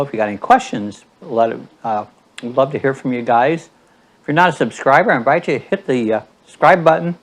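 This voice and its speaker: A man hosting a casual cooking demo, chatting to his viewers as he cuts and tastes. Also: mid-range voice. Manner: chatty, addresses viewers as guys. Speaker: cooking channel host.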